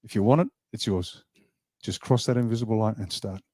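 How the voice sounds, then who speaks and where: Brief: man, motivational speaker, mellow tone, dry close sound, emphatic with jokes. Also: fairly low pitch, brisk, no room sound. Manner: emphatic, animated, jokes with the crowd. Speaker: party leader giving a speech. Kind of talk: motivational public speech. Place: event hall.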